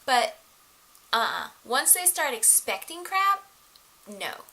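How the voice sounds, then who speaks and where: A middle-aged woman giving casual relationship advice to the camera, animated and laughing often as she acts out the voices of others. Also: high voice, slow pace, rough recording.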